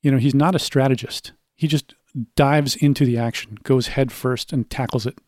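A man's voice: medium pitch, fairly even intonation, moderate pace, darkish tone, no room sound. Methodical male podcast guest, dry sound. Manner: methodical, builds points from notes with examples. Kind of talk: conversational podcast discussion.

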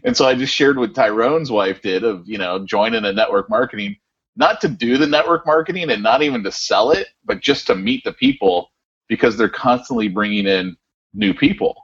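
A man with a husky, fairly low voice co-hosts a casual podcast and tells stories with lots of ums and you-knows. His pitch moves around a lot, and the audio is dull and lo-fi. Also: lively intonation, moderate pace, fairly bright tone. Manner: rambling storyteller with many fillers. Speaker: podcast co-host.

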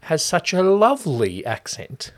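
A man's voice: on the high side, huge pitch swings, measured pace. Jokey man co-hosting a movie podcast. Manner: jokey, banters with his brother. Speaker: podcast co-host. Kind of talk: casual movie review chat.

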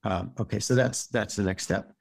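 A rabbi talking through parenting advice in a casual podcast chat, halting and restarting his words often. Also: fairly low pitch, gravelly, no room sound.

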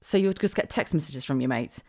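A middle-aged woman chats through her own podcast. Her voice sits low but leaps up and down with lively swings. She talks on her own, with quick asides, rhetorical questions and frequent laughs. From England (Wiltshire). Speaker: podcast host. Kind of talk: casual solo podcast monologue.

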